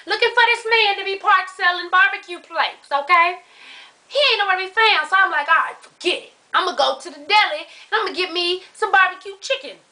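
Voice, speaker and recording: A woman telling an exasperated, animated story in a casual vlog, laughing often and cussing. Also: very high-pitched. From Atlanta, USA. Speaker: vlogger.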